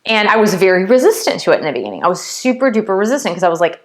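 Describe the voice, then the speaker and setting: A woman's voice: medium pitch, big pitch swings, very fast. A woman vlogging a heartfelt spiritual testimony, talking earnestly and casually, repeating phrases and filling gaps with "like", emotional and close to tears at times. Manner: earnest, repetitive, many "like" fillers.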